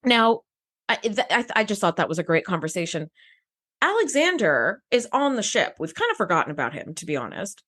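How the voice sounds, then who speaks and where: A woman co-hosting a podcast in casual chat, animated and swearing freely as she acts out quotes. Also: mid-range voice, fairly quick. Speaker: podcast co-host.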